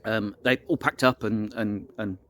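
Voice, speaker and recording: A man's voice: lowish voice, steady tone, a little slow, fairly bright tone. A man telling an improvised story in a casual, rambling way, often restarting his sentences.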